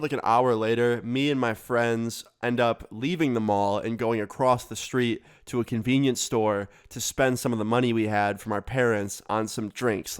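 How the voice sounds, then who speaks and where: A man telling a storytime vlog story in a casual, profane, animated way. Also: medium pitch, smooth. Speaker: storyteller vlogger.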